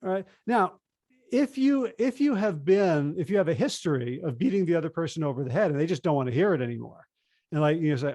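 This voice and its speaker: Author guest, male, lively conversational delivery, slightly high voice, dry close mic. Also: fast, no room sound. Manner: animated, acts out quoted dialogue. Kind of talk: conversational interview.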